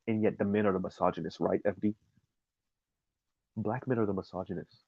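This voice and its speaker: A man's voice: on the low side, steady tone, fairly quick, no room sound, dull audio. A man giving an emphatic, sarcastic opinion commentary, often laughing at his own points.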